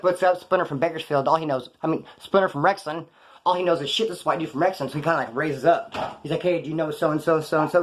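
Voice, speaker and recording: Fast profane guy telling jail stories, kinda high voice, slangy and blunt. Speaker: former prisoner telling stories. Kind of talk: casual storytelling.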